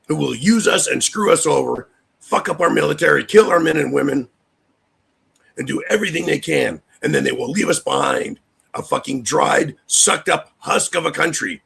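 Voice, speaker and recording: A man's voice: mid-range voice, creaky, sharp tone, slightly rough. A man hosting a livestream, delivering a heated, profane political rant and talking straight to chat viewers. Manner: addresses chat viewers directly. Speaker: livestream host.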